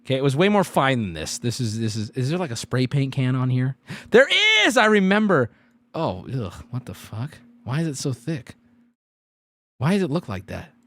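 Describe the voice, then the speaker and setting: A man's voice: medium pitch, moderate pace. A man streaming live, telling a story casually with lots of profanity and jokes. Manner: animated, profane, jokey storytelling.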